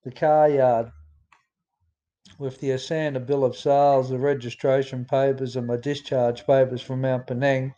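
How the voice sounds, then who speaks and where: Mellow Australian man reading his memoir. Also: mid-range voice, little pitch movement, normal speed, highs cut off. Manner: plain storytelling with fillers and restarts. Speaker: memoir narrator. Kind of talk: reading a personal memoir aloud.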